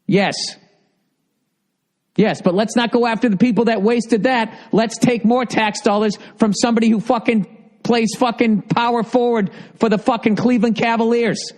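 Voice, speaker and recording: A comedian hosting a podcast, ranting heatedly and sarcastically, with constant swearing. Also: male voice, very high-pitched, steady tone, normal speed, a little mellow. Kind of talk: profane comedic rant.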